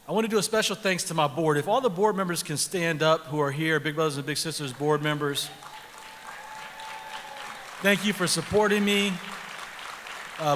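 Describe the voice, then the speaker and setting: A man's voice: on the high side, bright, forceful tone, slight background noise. Earnest man thanking supporters in a hall. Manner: plain, earnest list of thanks. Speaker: leader of the organization. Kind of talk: thank-you remarks at a gala. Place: large event hall. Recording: long hall reverb over crowd murmur.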